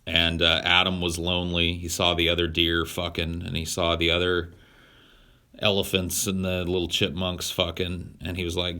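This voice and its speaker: A man's voice: sits low, monotone, moderate pace, sharp tone. A man co-hosting a podcast, chatting casually in a profane, irreverent, rambling way with many fillers. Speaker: podcast co-host. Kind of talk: casual chat.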